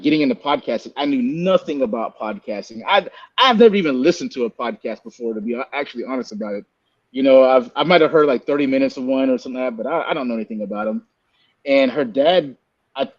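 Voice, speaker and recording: A man telling his faith story in a casual, animated way, acting out quoted voices with many fillers and restarts. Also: mid-range voice, lo-fi sound. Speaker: podcast guest telling his testimony.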